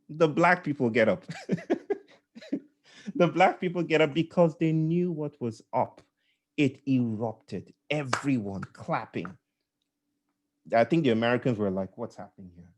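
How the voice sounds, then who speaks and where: A man leading a session, telling a reflective story with repeated words, laughs and asides. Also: on the high side. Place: indoors.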